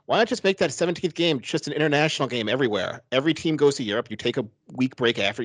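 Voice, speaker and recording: Animated, lively-pitched man, dry close mic, fast emphatic podcast talk. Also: dry recording. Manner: quick, emphatic arguing with restarts. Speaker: podcast co-host. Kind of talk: casual sports podcast chat.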